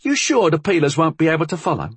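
A woman's voice: deep voice, sing-song, quick pace, husky, dry recording, pitched above the performer's own voice, exaggerated voice. A man voicing a tough young female thief who talks bluntly and crudely. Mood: gruff.

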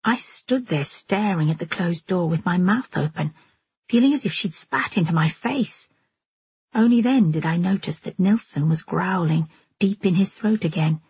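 A woman reading a first-person novel aloud as an audiobook narrator, in a measured, steady manner. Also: on the low side, husky, no echo.

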